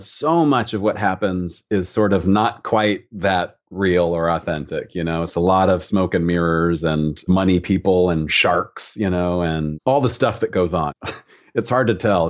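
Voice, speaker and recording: A man from the United States, a guest painter on a podcast, talking in a relaxed, reflective way and telling stories. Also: deep voice, a little slow, highs cut off. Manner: reflective, storytelling.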